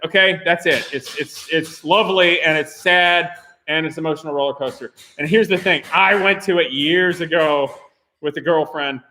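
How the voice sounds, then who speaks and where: High-voiced joking man hosting a live stream. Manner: animated, joking, laughs often. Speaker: host of a car channel. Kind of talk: live-stream chat with crew. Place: workshop garage.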